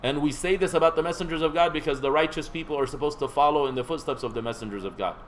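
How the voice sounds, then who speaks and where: Higher-voiced man teaching a class. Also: very fast, a little hiss or hum, rough recording. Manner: conversational, quizzes students, joking asides. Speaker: seminary teacher. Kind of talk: classroom lecture.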